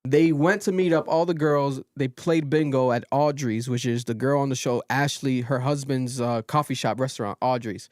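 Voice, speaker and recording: A man hosting a podcast, recapping a reality show in animated casual chat and swearing freely. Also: mid-range voice, normal speed, hardly any pauses. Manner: animated storytelling, swears freely, quotes people in raised voices. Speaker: podcast host.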